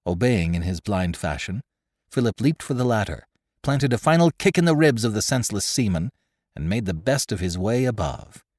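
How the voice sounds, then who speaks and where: A man narrating a classic adventure story in a scripted, expressive reading. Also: on the low side, no echo, studio quality. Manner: expressive, lively reading with character voices. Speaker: narrator and host.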